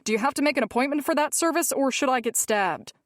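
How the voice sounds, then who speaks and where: A joking young mafia man, put on by a woman narrator. He talks calmly and wryly, using humor to lighten things. The read is dry and close. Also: high voice, quick pace, dry recording, voice pushed up, close to an everyday voice. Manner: wry, joking.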